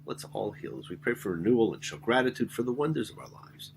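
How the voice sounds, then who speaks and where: A man, a rabbi hosting his own show, giving a spoken sermon with emphatic, drawn-out words. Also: lowish voice, sing-song, creaky, slight background noise. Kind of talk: spoken sermon with prayer and sung hymn.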